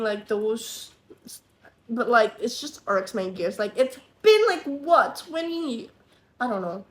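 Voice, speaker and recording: A young woman telling a candid, profane storytime to her channel, in a casual vlog monologue. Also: high voice. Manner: candid, profane, animated retelling. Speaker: vlogger. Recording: echoey room.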